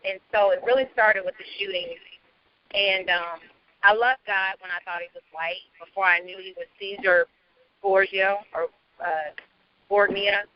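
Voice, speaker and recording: Earnest halting woman on a lo-fi call. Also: mid-range voice, steady tone, no echo. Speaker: guest asking questions. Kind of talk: personal testimony. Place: in a moving car. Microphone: phone or call audio while driving.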